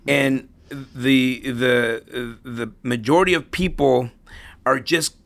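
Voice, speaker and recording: A man's voice: mid-range voice, slow pace, creaky, fairly bright tone. A middle-aged man, a podcast guest, chatting casually and telling anecdotes to make his points, often repeating and restarting words. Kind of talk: casual interview storytelling.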